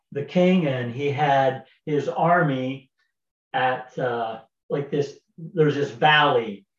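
A man casually retelling a Bible story in a folksy way, with fillers and repeated words. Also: medium pitch. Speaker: Bible teacher. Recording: roomy, distant, dull sound.

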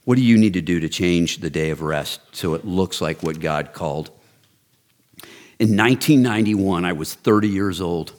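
A man in his sixties giving an earnest, direct ministry talk, building to excited, emphatic storytelling. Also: low voice, normal speed. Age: 60s. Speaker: men's ministry leader. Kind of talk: personal testimony talk.

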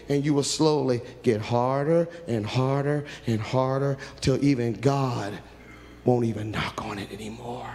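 A man preaching a sermon who swings from hushed pleading to loud cries, prays aloud and tells stories from his ministry. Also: mid-range voice, unhurried, in a large hall.

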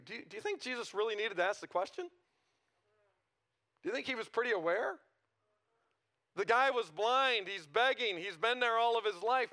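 A male pastor preaches in a church in an easy, conversational way. His voice is high and bright, and he keeps pulling the congregation in with rhetorical questions. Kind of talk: sermon.

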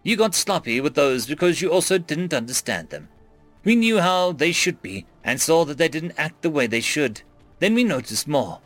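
A man voicing a cold, taunting female android that speaks in a stilted, synthetic way, slow and mocking. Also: fairly high pitch, very animated, fairly bright tone, faint music behind.

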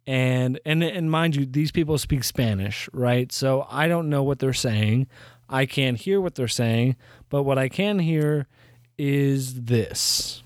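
A man's voice: medium pitch, slow, no echo. A young man hosting his own podcast, telling a story in a rambling casual way, often restarting sentences, with dry sarcasm. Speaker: podcast host.

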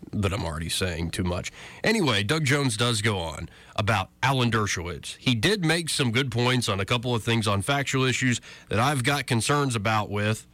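A man hosts a talk radio show, his voice forceful and full of rises and falls. his political commentary runs sarcastic and cynical. the sound is dry and close, with no room around it. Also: medium pitch, no echo. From Alabama. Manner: sarcastic, self-described cynic.

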